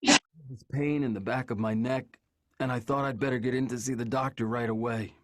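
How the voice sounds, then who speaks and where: A man's voice: medium pitch, fairly even intonation, moderate pace, noisy background, lightly acted. A man playing a tired patient with neck pain. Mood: weary. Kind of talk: recorded textbook dialogue.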